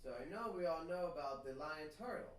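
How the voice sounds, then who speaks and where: Animated man telling stories off-mic. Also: on the high side, a little fast, recorded from a distance. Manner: animated storyteller, loose and informal. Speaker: podcast co-host. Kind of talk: casual podcast chat. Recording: echoey room, off-mic, faint noise.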